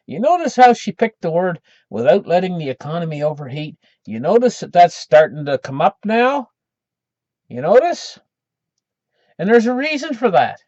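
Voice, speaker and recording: Emphatic man with lively pitch. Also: normal speed, pauses often, no echo, highs cut off. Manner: emphatic, storytelling, many restarts. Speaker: financial commentator. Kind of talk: animated commentary.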